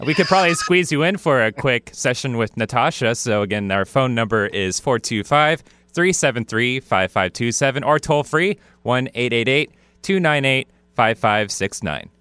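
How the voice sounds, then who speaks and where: A man working as producer on a radio show, relaxed and joking as he reads out call-in numbers. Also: mid-range voice, moderate pace, few pauses, clean tone, no echo.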